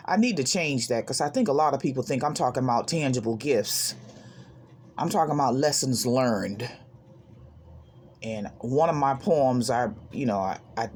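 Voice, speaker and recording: Animated woman sharing a spiritual monologue. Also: deep voice, a little hiss or hum. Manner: animated, emphatic, laughs often. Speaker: self-help channel host.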